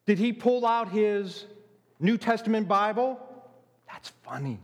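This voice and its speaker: A man preaching a sermon, emphatic, with dramatic pauses and acted-out quotes. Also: high-pitched, expressive, long reverb tail.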